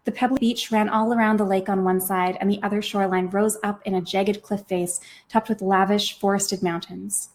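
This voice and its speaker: Reading from her own novel, this author and podcast host brings energy and expression to the storytelling. She speaks at a normal speed in a mid-range voice, barely pausing at all.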